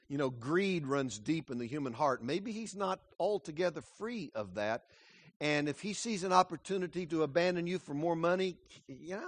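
A male preacher voicing a brash, overconfident apostle who protests loudly and arrogantly. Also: sits high, no room sound. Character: brash boastful apostle, grown man, overconfident.

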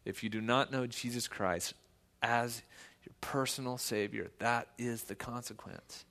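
A man, a pastor, preaching a sermon in a conversational storytelling way that swings to loud, emphatic points. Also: mid-range voice, fairly even intonation, a little slow, big-room sound.

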